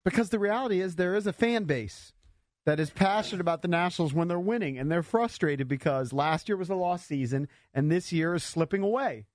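A man hosting sports talk radio, opinionated and quick to cut in on his co-hosts. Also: high voice, expressive, a little mellow, dry recording, clean studio sound. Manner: opinionated, talks over others.

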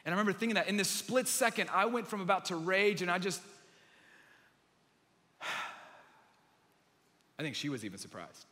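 A man preaching a sermon, telling a lively story and then praying earnestly over a congregation. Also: high-pitched, moderate pace, pauses often. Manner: animated storyteller, earnest in prayer. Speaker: pastor. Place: large room with congregation. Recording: long hall reverb.

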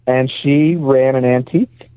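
A man's voice: mid-range voice, steady tone, unhurried, smooth, no room sound. A male pastor calling in as a guest from a parked car, telling chatty stories and laughing easily. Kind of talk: casual storytelling. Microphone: phone call. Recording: tinny phone line.

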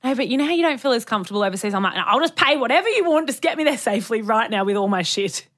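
Chatty young woman, a little high. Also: animated, racing, a bit bright. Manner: chatty, swears, laughs often. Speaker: podcast co-host. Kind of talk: casual chat.

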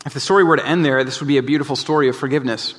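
Earnest preacher with a hall echo. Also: male voice, steady tone, rapid-fire. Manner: earnest, emphatic, drops soft and low for key points. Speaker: pastor. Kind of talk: sermon. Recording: long reverb of a large hall.

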